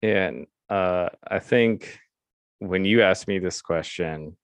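Guest host, casual chat, teasing story, very low voice, dry sound. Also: slow pace, dry recording. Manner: laughs along, tells a teasing story.

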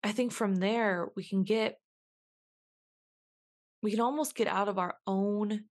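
A woman's voice: mid-range voice, steady tone, measured pace. A woman hosting a reflective solo podcast, musing aloud and repeating questions to herself as she works through her thoughts. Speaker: podcast host.

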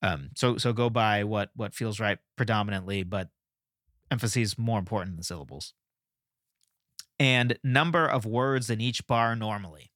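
A man's voice: on the low side, normal speed, fairly bright tone, dry recording. Man, podcast host, casual explainer, self-correcting, dry studio sound. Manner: thinking aloud, frequent restarts and "right?" checks.

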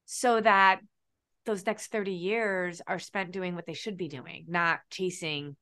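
Upbeat lady host, super bright voice, cheering her guest on. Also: fairly low pitch, steady tone, a little slow. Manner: enthusiastic, encouraging interviewer. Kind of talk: casual interview chat.

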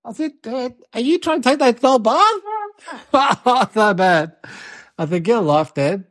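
A chatty, mocking little boy, played by a woman, rambles through a silly story, giggling and putting on funny voices for his family. The voice sits a touch high for an adult. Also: expressive, a little slow. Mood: cheeky. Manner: rambling, giggly, mimics relatives in quotes. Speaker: comedy sketch performer. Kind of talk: improvised comedic storytelling.

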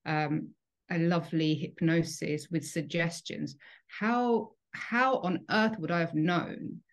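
A woman's voice: on the low side, fairly even intonation, takes it slowly. A woman guest, a hypnotherapist, thinking back on a client's session in a thoughtful, explanatory way, often repeating words as she gathers her thoughts. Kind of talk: reflective conversational podcast chat.

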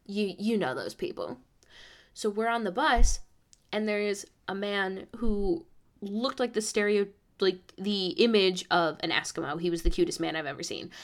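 A young woman from the United States, a podcast host telling a travel story in a casual, animated way, acting out the people she quotes. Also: mid-range voice, moderate pace. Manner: animated, acts out quoted voices.

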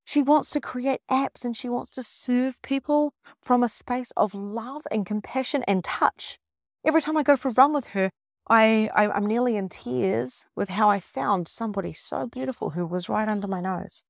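A middle-aged woman coach, talking in an emphatic, expressive way and acting out the people she quotes. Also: a little high, normal speed, creaky, no echo, studio quality. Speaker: spiritual coach. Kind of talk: casual motivational monologue.

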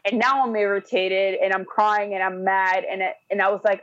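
A woman's voice: mid-range voice, moderate pace, few pauses, dry recording, muffled recording. Woman animatedly telling her story. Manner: animated, acts out quoted voices, frequent "like". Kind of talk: casual storytelling.

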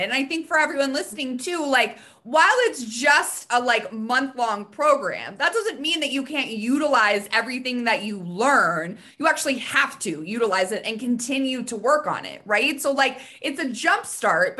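A woman's voice: on the high side, pushed and bright. A woman hosting a podcast interview about dog training, enthusiastic and exclaiming often. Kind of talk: casual interview chat.

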